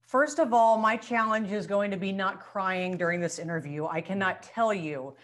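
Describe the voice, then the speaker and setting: A woman's voice: medium pitch, normal speed, a bit bright. A woman host interviewing film cast members, gushing with effusive praise between her questions. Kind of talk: press junket interview.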